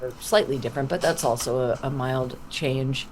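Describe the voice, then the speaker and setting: A middle-aged woman, a voice actor, being interviewed on a podcast over a video call, telling animated stories full of acted-out quotes. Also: extremely low pitch, a little fast, a crowd in the background. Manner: lively anecdotal storytelling with acted-out quotes. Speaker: voice actor guest.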